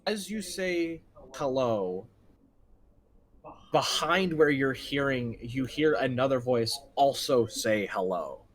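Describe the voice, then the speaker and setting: Slow-talking man narrating as game master. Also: mid-range voice. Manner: relaxed, rambling narration with fillers.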